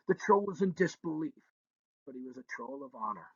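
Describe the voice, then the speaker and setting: A man's voice: medium pitch, big pitch swings, fairly quick, no room sound. A man narrating a children's story in a playful way, humming sound effects between lines, on a dull lo-fi recording.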